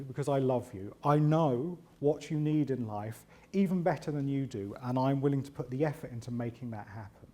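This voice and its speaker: A man giving a conference talk, chatty and animated, with self-deprecating humour and frequent asides of "right?". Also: mid-range voice. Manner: animated and chatty, often tags lines with "right?". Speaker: conference speaker.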